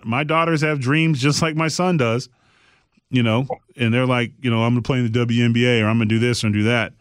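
A man's voice: mid-range voice, no echo, studio quality. A middle-aged man and podcast host telling a story in casual chat, blunt and emphatic.

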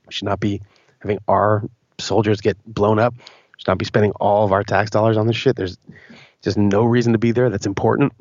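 A man's voice: fairly low pitch, flat delivery, brisk, darkish tone, muffled recording. A man co-hosting a podcast, talking bluntly and casually with swearing and frequent restarts. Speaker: podcast co-host. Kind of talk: casual opinionated chat.

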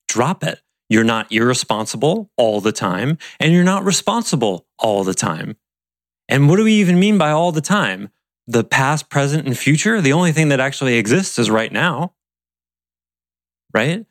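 A man's voice: mid-range voice, dry recording, studio quality. A man giving a reflective talk on personal growth, conversational, asking rhetorical questions and acting out what others might say. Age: adult past his younger years. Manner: conversational, rhetorical questions, acts out quoted voices.

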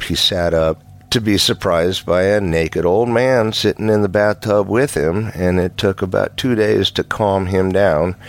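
Deep gravelly man telling a ghost story. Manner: halting, with restarts and nervous chuckles. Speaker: caller telling his own paranormal story. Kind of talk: casual first-person storytelling.

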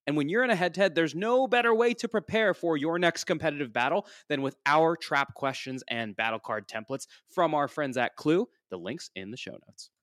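A man's voice: fairly high pitch, fairly quick, hardly any pauses, a bit bright, dry recording, clean studio sound. A man hosting a podcast, casual and joking in an upbeat way. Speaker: podcast host.

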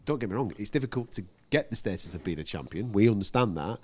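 A man's voice: fairly low pitch, expressive, fast, darkish tone. A man co-hosting a casual fight-sports chat who lays out stats, teases his partner and swears freely. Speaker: podcast co-host.

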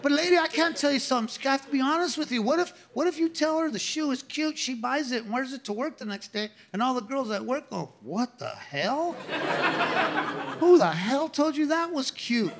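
A man's voice: very high-pitched, quick pace, few pauses, a little hiss or hum. A middle-aged man from New Mexico doing a punchy, conversational stand-up set. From New Mexico, USA. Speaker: stand-up comedian. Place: comedy club stage. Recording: live club with loud crowd laughter.

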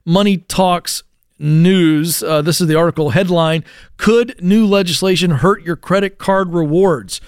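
A man's voice: sits high, unhurried, clear, resonant tone, dry recording, studio quality. A man hosting a talk radio show, explaining a news story in a chatty way with asides and fillers. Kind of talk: casual talk radio chat.

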